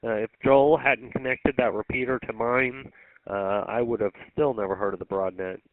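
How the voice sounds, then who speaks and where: A man's voice: mid-range voice, steady tone, moderate pace, dry recording. A man running a weekly two-way radio net as net control, chatting in a folksy, rambling way with lots of ums. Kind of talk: casual on-air radio chat. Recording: tinny two-way radio audio.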